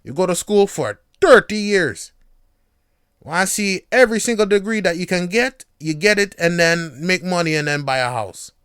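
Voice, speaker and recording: A man's voice: high-pitched, lively intonation, normal speed, a bit bright, smooth, dry recording, clean studio sound, pitched above the performer's own voice. A man voicing a pushy Jamaican parent with a put-on patois accent, lecturing about a career. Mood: bossy. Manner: bossy, lecturing.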